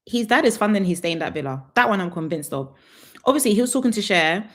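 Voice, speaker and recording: A woman's voice: on the low side, animated, fast. A young woman, chatting sassily through a live reality TV review and laughing often.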